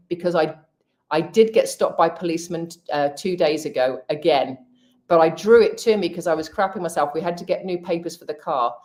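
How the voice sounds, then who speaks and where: A woman guest, telling a personal story in casual chat, animated and expressive with quick restarts. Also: sits low. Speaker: guest speaker.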